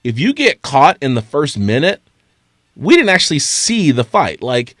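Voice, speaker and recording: A man's voice: medium pitch, moderate pace, no room sound, clean studio sound. A man co-hosting a sports talk show in casual chat, telling stories with energy and stammering when he is pushed. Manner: animated storyteller, stammers when pressed. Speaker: podcast co-host. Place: studio.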